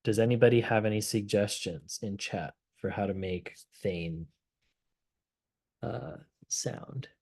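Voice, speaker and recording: Low-voiced man demoing software live. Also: slow, gravelly, husky. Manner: relaxed, thinking aloud while clicking through. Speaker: host of a product livestream. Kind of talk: casual software demo.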